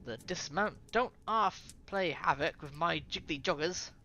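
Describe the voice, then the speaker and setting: A woman's voice: fairly low pitch, unhurried, bright, forceful tone, slight background noise. A reader doing a cheeky London woman. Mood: teasing. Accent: put-on London. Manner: teasing, affectionate.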